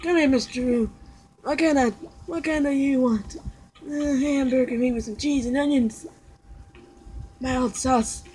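A woman's voice: sits high, a little slow, long pauses, darkish tone, slight background noise, low-quality recording. A woman giving playful, jokey commentary while playing a cooking game. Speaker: gamer. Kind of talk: casual let's play commentary.

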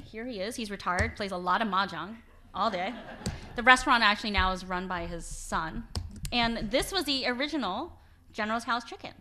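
A woman author giving an informal lecture with slides, chatty and animated, laughing often and restarting her sentences. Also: mid-range voice. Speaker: author giving a book talk. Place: library event hall.

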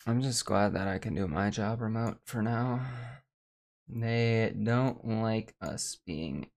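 Slow-talking male VTuber chatting casually. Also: fairly low pitch. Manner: relaxed, swears casually, talks to chat. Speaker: VTuber streamer. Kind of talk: casual livestream chat while working on an avatar.

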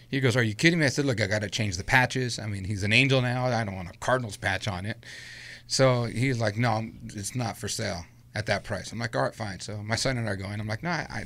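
A middle-aged man telling a long personal story in a casual interview, acting out what people said. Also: fairly low pitch. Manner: animated anecdote-telling with acted-out quotes. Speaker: guest storyteller.

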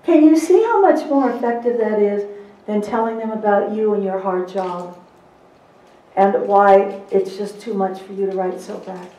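A middle-aged woman presenting a live seminar to court reporters, emphatic and lively, with teasing asides. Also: medium pitch, normal speed. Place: seminar room. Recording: roomy echo, recorded from a distance.

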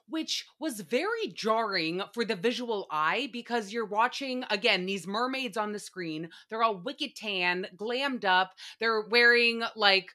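A woman hosting a casual reality-TV recap podcast, ranting in an animated, profane way. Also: fairly high pitch. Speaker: podcast host.

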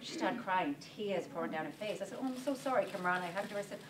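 Over crowd noise, a bakery owner with a mid-range voice and lively intonation talks quickly at a breakfast event, acting out quoted dialogue with animation as she tells stories and answers audience questions. The sound, captured from a distance in the meeting room, is roomy.

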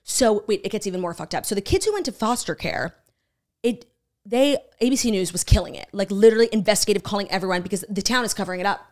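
A young adult woman co-hosting a podcast, retelling a story in casual chat, animated and swearing freely, with many "like"s. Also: mid-range voice, quick pace. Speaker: podcast co-host.

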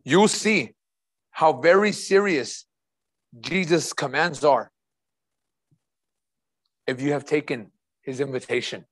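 A high-pitched male pastor, preaching emphatically. He hammers home key phrases, repeating them and calling out to the congregation as he walks them through scripture. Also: slow, long pauses. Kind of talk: sermon.

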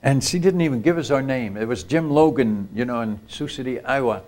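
His voice is medium-pitched, expressive and darkish, and he talks a little fast. This older man, a missionary, is telling a story in a sermon at a retreat camp meeting, acting out quoted voices and often turning to his listeners with asides.

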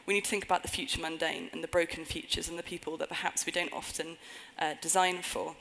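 A woman's voice: low voice, steady tone, fast talker, gravelly, fairly bright tone, a little hiss or hum, low-quality recording. A woman giving a conference talk on a stage before an audience, earnest with wry humorous asides. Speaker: conference speaker.

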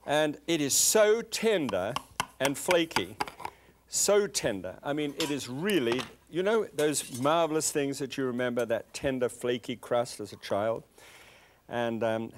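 A man's voice: mid-range voice, moderate pace, slight background noise. Older guy chatting through a recipe, eager and folksy, lots of ums. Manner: chatty, enthusiastic, with fillers. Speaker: cooking show host. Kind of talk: cooking demonstration.

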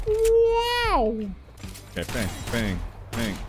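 With a mid-range, sing-song, fairly bright voice, this let's-play gamer takes things slowly, leaving long pauses in his playful commentary. He chants gunshot sounds while playing, and game music runs beneath him.

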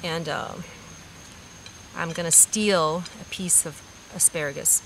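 A woman walks through a recipe as a cooking-show chef, slow and easygoing, with many pauses and fillers. Her voice is bright and clear. Frying sizzles faintly in the kitchen behind her. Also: on the low side, fairly even intonation, a little hiss or hum. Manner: unhurried, with frequent fillers. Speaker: vegan chef. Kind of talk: cooking demonstration.

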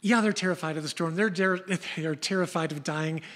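An older woman pastor preaching a sermon, telling stories in an animated way. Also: deep voice, a little fast, in a large hall. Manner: storytelling, animated retelling of scenes.

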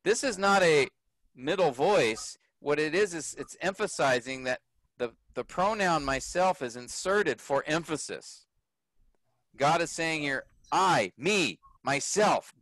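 A man's voice: on the high side, expressive, a little slow, fairly bright tone, no echo, low-quality recording. A man teaching a class, explaining grammar patiently and often checking whether his students follow.

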